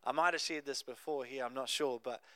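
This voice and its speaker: Young guy pastor, chatty animated sermon, mid-pitched clear voice. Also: a little fast, no room sound. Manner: conversational, animated storytelling with asides.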